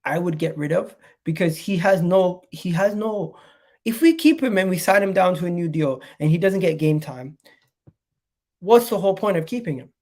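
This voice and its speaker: A man's voice: sits high, animated, normal speed, darkish tone. Chatty man with a cold. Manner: chatty, rambling, addresses viewers directly. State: nasal from a cold. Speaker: football channel host. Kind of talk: casual live-stream chat.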